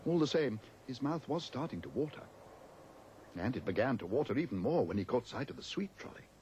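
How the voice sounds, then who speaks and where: A man reading a children's storybook aloud as narrator, gentle and expressive. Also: mid-range voice, a little fast, slight background noise.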